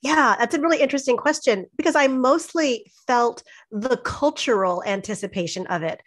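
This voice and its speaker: A woman, co-hosting a podcast and telling her stories in a lively, emphatic casual chat. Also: on the high side, normal speed. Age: 50s. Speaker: podcast co-host.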